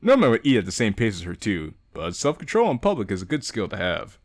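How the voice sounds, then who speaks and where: A man's voice: fairly low pitch, fast, no room sound, clean studio sound. A young adult man hosting a let's play, reading a visual novel aloud and joking, laughing often. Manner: animated, laughs often, reads and jokes. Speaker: gaming channel host.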